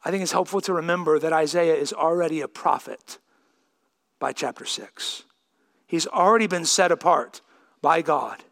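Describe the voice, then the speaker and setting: A man preaching a sermon as pastor, reading scripture and building to emphatic, shouted peaks. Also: on the high side, measured pace, pauses often. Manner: emphatic, swelling to shouts on key lines.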